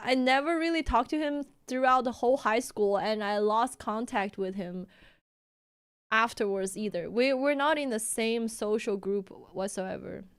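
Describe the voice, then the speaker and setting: A woman's voice: fairly high pitch, moderate pace, clear, resonant tone. A young woman from China, telling a story casually on a stream and laughing often.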